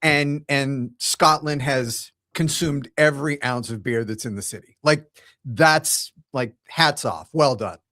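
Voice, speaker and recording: A man's voice: mid-range voice, measured pace, sharp tone. A man co-hosting a casual podcast chat, mostly short agreeing replies and brief remarks. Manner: short affirming interjections, conversational. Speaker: podcast co-host.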